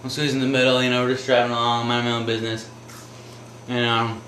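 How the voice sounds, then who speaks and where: A man's voice: medium pitch, little pitch movement, fast, a bit bright, roomy sound, a little hiss or hum. A man casually telling a true anecdote, rambling with filler words. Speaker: storyteller.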